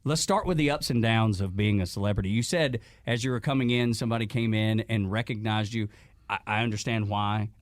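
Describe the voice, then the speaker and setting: A man's voice: fairly low pitch, a little fast, dry recording. A man hosting a podcast interview in a studio, chatting casually and joking with laughs. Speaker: podcast host. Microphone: studio mic.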